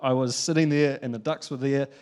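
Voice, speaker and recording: A young New man preaching a sermon, telling a family story in a lively, chatty way with frequent laughs. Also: medium pitch, a little fast, smooth. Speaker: pastor.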